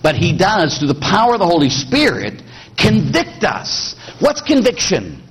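Middle-aged male priest, husky and animated, teasing sermon delivery with plenty of crowd questions. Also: high-pitched, moderate pace, low-quality recording. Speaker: Catholic priest.

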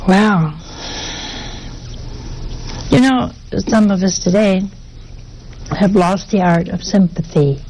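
A woman preaches a sermon at an unhurried pace, her voice carrying a gravelly rasp. She talks in a homey, conversational manner and keeps turning to her listeners with rhetorical questions. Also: fairly low pitch, lively intonation, dark tone, slight background noise, poor audio.

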